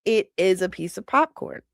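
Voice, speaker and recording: A woman's voice: medium pitch, no room sound, studio quality. A woman hosting a livestream, chatting casually in a gossipy way and laughing often. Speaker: livestream host.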